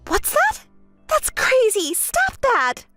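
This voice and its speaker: A woman's voice: sing-song, moderate pace, a bit bright, soft background music. A woman voicing a spoiled, self-centered young bride who bosses her sister around, in a texting-story voice-over. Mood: frantic. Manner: whiny, bossy, shrill when angry.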